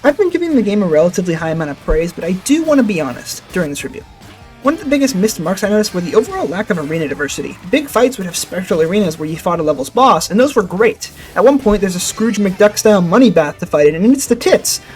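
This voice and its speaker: A man's voice: sits high, big pitch swings, fast talker, faint music behind. A young man hosting his gaming channel, narrating a game review voice-over in a jokey, sarcastic way with casual swearing.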